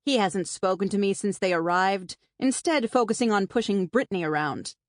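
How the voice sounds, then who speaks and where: A woman of medium pitch reads first-person scripted narration at normal speed, wry and chatty in tone. As an audiobook narrator she's close to a studio mic, and there's no echo.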